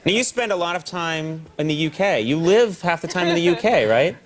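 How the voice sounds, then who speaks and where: A man's voice: a little high, expressive, fairly quick. A man hosting a late-night talk show with an audience, playful and joking as he interviews a guest. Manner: playful, jokey, breaks into silly mock voices. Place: TV studio with live audience. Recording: broadcast with loud studio audience laughter. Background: audience laughter.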